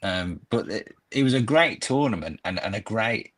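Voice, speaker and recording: Lowish-voiced man telling rambling anecdotes. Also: expressive, normal speed, fairly bright tone. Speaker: podcast guest, musician. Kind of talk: casual chat.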